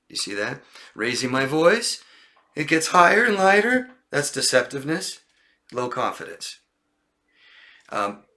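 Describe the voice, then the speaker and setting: Bright-voiced man coaching to camera. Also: on the low side. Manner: demonstrative, acts out liars' lines in a raised voice. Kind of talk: casual explainer talk to camera.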